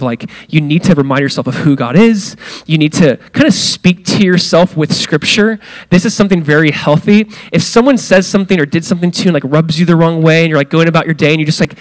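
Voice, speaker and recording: A man preaching with a slightly higher-pitched voice, talking loosely and casually. He fills his talk with "like" and jumps up and down in pitch when he acts out the quoted lines. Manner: conversational, many fillers, acts out quoted lines with big pitch swings. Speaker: pastor. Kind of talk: sermon.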